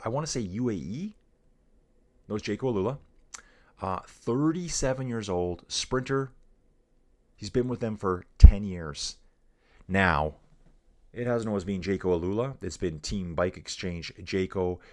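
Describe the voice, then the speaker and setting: Chatty low-voiced man commenting on a bike race. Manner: energetic, chatty, calls viewers dudes and guys. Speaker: cycling live commentator. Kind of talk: casual live race commentary and chat.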